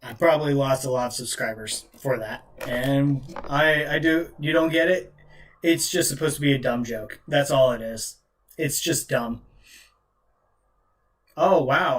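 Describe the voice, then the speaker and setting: A man's voice: medium pitch, animated, unhurried. A man hosting a casual live stream, mixing play-by-play with chatty jokes and stories.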